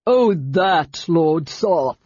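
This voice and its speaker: A reader voicing a boastful, pompous male hobgoblin lord who talks loudly and brags. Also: medium pitch, expressive, extremely slow, breathy edge, dry recording, highs cut off, heavily acted. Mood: blustering. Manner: loud, blustering, self-important.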